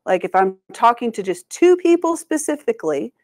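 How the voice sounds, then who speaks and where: A Cherokee language and culture educator with a slightly high, sing-song, somewhat mellow voice teaches a children's language lesson in a museum presentation room. She's encouraging and uses call-and-response, carefully sounding out syllables slowly so the kids can repeat the words.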